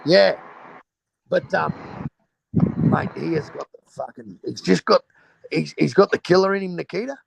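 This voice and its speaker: A man's voice: medium pitch, gravelly, dry recording, rough recording. A man with an Australian accent hosting a stream, chatting about boxing bluntly and swearing freely. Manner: blunt, sweary, mate-heavy banter. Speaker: stream host. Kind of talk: casual boxing chat.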